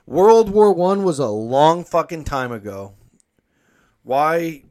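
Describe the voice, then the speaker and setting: A man's voice: on the high side, takes it slowly. A man hosting a podcast, telling a rambling, profane story in casual monologue and reading articles aloud with his own asides. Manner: profane, rambling, animated when quoting himself. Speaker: podcast host.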